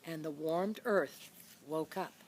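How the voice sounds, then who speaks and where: A woman reading a storybook aloud for children, animated, with high voices for each animal. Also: slow, slight background noise. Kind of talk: read-aloud storybook narration.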